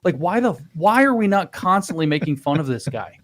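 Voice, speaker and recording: A man in casual podcast chat, ranting in an animated, mocking way and swearing freely. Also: on the high side, fairly quick. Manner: animated, profane, mocking rants. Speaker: podcast panelist.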